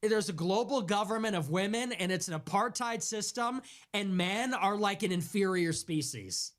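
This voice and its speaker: A man's voice: high voice, moderate pace, fairly bright tone. A man hosting a livestream show, delivering a sarcastic, exasperated rant in political commentary style.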